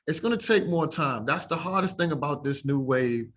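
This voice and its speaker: A man in the role of a mortgage lender, talking to real estate agents at a middling pitch. His voice has a husky, slightly rough edge. He talks in a chatty, plain-spoken way. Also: lively intonation, normal speed, a bit bright. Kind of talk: casual talk to agents.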